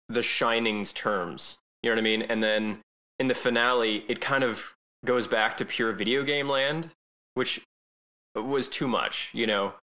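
A man's voice: medium pitch, sharp tone. A man giving his opinions in a casual movie podcast, often stammering and restarting sentences. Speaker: podcast co-host.

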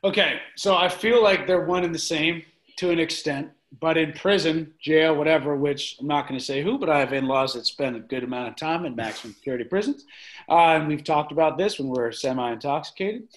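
Higher-voiced man rambling frankly. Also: a little fast, poor audio. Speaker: podcast guest. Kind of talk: casual chat.

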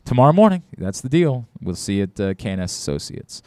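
A man hosting a radio talk show, chatting and joking in a lively, laughing way. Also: mid-range voice, quick pace, no room sound. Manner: animated, laughing storyteller. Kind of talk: casual radio banter.

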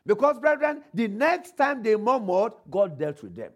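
A male preacher delivering a sermon, quoting scripture, asking the congregation rhetorical questions and calling for responses, slowing and speeding for emphasis. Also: high-pitched, very animated. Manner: varies pace and loudness for emphasis.

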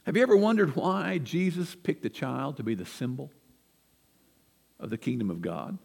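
A man's voice: medium pitch, expressive, moderate pace, creaky, darkish tone, slightly rough, in a large hall. An older man preaching a sermon, telling folksy, self-deprecating family stories from the pulpit in a church. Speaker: pastor. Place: church sanctuary.

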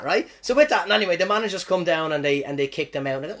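An Irish comedian hosting his podcast, telling stories about his gigs in an animated, swearing, self-mocking way. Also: a little high, fast, hardly any pauses. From Ireland. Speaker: stand-up comedian, podcast host. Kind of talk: casual storytelling monologue.

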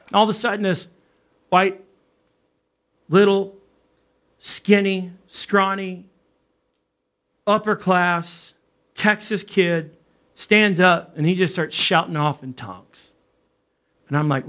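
Middle-aged male preacher, bright, forceful tone, animated storyteller. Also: sits high, a little slow, long pauses. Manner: animated, acts out dialogue in his story. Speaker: pastor. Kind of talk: sermon storytelling.

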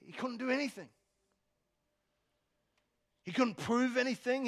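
A man preaching a sermon on a church stage, moving from soft asides to loud exhortation and often repeating words as he starts a phrase. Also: sits high, big pitch swings, moderate pace, long pauses. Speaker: pastor.

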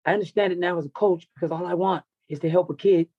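A man's voice: sits high, fairly even intonation, fast, breathy edge, no echo, dull audio. A man who coaches wrestling tells a raw personal story in an interview, intense, confessional and full of swearing.

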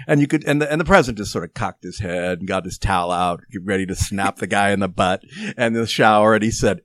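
A man's voice: fairly low pitch, fast talker, no room sound. A man hosting a podcast, telling rambling anecdotes and repeating words as he goes. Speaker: podcast host. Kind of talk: conversational interview.

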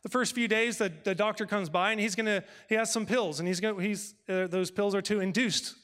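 A male pastor telling a personal story in a sermon, acting out conversations with lively shifts of voice. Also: high voice, fairly quick, big-room sound. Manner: animated, acts out dialogue with God and his wife.

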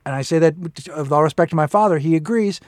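A man co-hosting a podcast, loud and joking in casual chat, laughing often. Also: a little high, quick pace, no room sound, studio quality. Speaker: podcast co-host.

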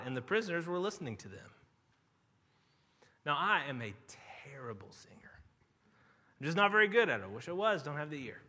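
A middle-aged man preaching a sermon, talking in an earnest, conversational way that often drops to a hush. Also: high voice, in a large hall. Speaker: pastor.

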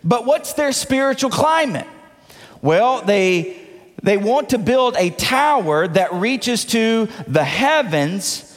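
A man's voice: high-pitched, big pitch swings, takes it slowly, long reverb tail. A male pastor preaching a sermon to his congregation, with playful asides and repeated words as he builds a point. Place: church sanctuary.

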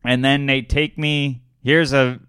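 A man's voice: medium pitch, flat delivery, slow, a bit bright, smooth, dry recording, studio quality. A man, a stand-up comedian, telling a rambling story in casual chat, with lots of fillers and laughs.

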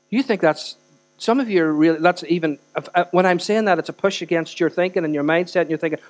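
A pastor with a fairly high voice preaches in a church, talking to the congregation in a conversational way and asking them direct questions. He swings from loud, pressing stretches to hushed ones. A low mains hum runs under the recording. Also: quick pace. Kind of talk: sermon.

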